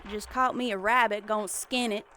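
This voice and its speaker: A woman's voice: mid-range voice, steady tone, brisk, bright, forceful tone, a little hiss or hum, lightly acted. A woman putting on a hammy Southern drawl as a folksy backwoods storyteller. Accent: put-on Southern US.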